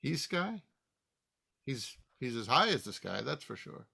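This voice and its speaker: Gravelly, bright-voiced man at the game table. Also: mid-range voice, very animated, a little slow. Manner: hesitant, repeats words, earnest. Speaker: player.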